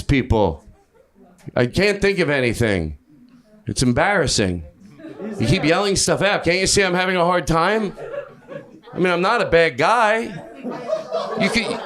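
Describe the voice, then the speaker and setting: Rambling middle-aged comedian on a club stage. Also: male voice, on the high side. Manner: rambling, self-deprecating, bursts into shouts. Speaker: stand-up comedian. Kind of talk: improvised stand-up riffing with a crowd. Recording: live club recording with crowd. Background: audience laughter.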